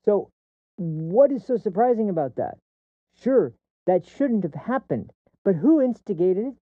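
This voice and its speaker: A man's voice: high voice, sing-song, measured pace, no echo. A male livestream host giving political commentary, ranting in a heated, profane way and often repeating and restarting words mid-sentence. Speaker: streamer host. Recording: dry, tinny phone-like audio.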